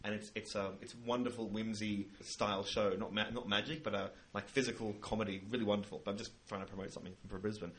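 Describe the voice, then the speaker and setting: Fast-talking husky man. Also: fairly low pitch, steady tone, fairly bright tone. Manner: rambling, laughing storyteller. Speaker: podcast host. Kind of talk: casual chat.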